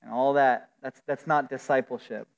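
A man's voice: mid-range voice, fairly even intonation, moderate pace, vocal fry. A man preaching a sermon as pastor, earnest and emphatic, stretching out key words. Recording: long hall reverb.

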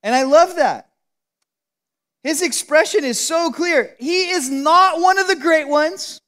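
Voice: high-pitched, slow pace, fairly bright tone. A Bible teacher giving a casual, emphatic teaching, talking conversationally with frequent "like" fillers.

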